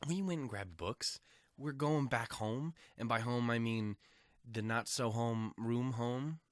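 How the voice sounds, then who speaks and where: A man's voice: medium pitch, takes it slowly, no echo, studio quality. A man hosting a casual reading of a game, rambling, self-mocking and swearing freely. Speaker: video host reading a game. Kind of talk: casual let's-play commentary.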